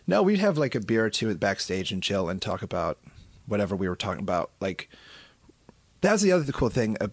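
Rambling, swearing man, low voice. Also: very animated, a little fast, no room sound. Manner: loose, rambling storytelling with lots of fillers and swearing. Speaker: stand-up comedian guest. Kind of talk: casual podcast chat.

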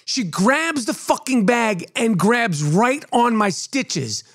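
A man tells a comic story on his podcast, swearing freely. His voice sits high and swings widely as he acts out the people in it. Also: expressive, slow, fairly bright tone. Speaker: podcast host.

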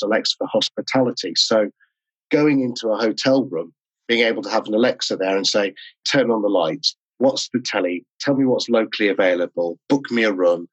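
A man's voice: on the low side, husky, dry recording, muffled recording. A man talking on a video call interview, enthusiastic and explanatory. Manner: enthusiastic, explanatory, quick asides. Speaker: podcast host and interview guest. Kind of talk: casual interview talk.

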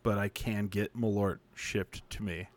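A man's voice: on the low side, fairly even intonation, measured pace, no room sound. A man hosting a stream, rambling through a story in casual chat and swearing freely. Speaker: show host.

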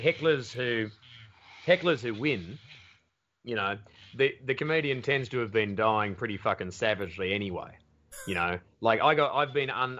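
A man with an Australian accent, a comedian guest telling lively, sweary anecdotes in casual podcast chat. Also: fairly low pitch, muffled recording. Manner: lively anecdotes, swears freely, slips into voices.

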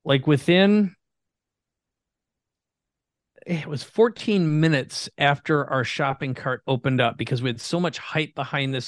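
A man from Minnesota telling his story as a guest entrepreneur in an earnest, animated way. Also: medium pitch, no echo, studio quality. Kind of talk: conversational storytelling.

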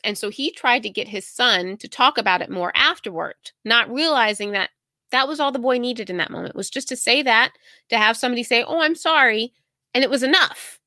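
A woman's voice: mid-range voice, sharp tone, dry recording. A woman talking casually in a reflective podcast monologue, chatty and digressive with lots of fillers, earnest when she turns personal. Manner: chatty, digressive, many "you know" and "like" fillers.

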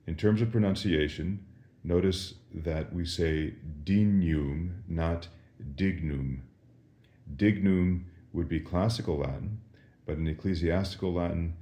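A man, a priest, patiently teaching Latin responses in a slow lesson, pausing for the listener to answer each question. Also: low-pitched, dark tone. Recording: roomy echo.

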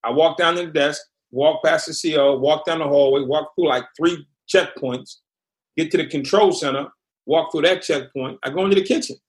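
Animated middle-aged male storyteller. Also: on the high side, moderate pace. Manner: animated storyteller, acts out quotes. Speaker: podcast guest. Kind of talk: storytelling interview.

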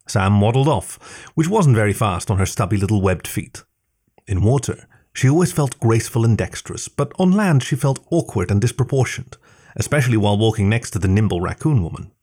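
Man with a low voice reading a story. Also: lively intonation, normal speed, darkish tone. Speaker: story reader. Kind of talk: scripted narration.

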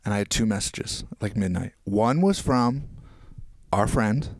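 A man's voice: fairly low pitch, measured pace, no echo. A middle-aged man telling a long anecdote in casual chat, acting out what others said. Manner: animated storytelling, acts out quotes.

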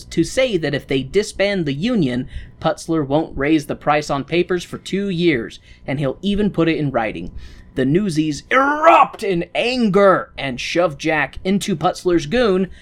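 Animated, jokey podcast recapper. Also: medium pitch. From Midwestern United States. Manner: sarcastic, jokey, slips into voices. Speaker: podcast host recapping a story. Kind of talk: comedic plot recap.

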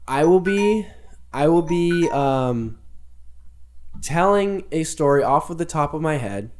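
A man's voice: medium pitch, a little mellow. A man hosting a comedy podcast, telling an improvised story and laughing often. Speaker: podcast host running an improv game.

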